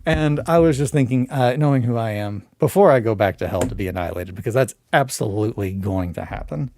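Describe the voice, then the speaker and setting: A man's voice: medium pitch, brisk, a little mellow, slight background noise. A man hosting a hobby stream, talking in a casual, rambling way, restarting sentences and swearing freely.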